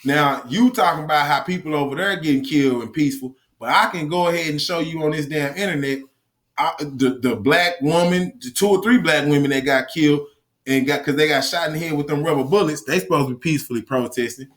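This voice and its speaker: A man's voice: fairly high pitch, fairly quick, a bit bright. A man speaking in a casual, profane rant, cursing often, repeating himself and reading news items aloud. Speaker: commentator.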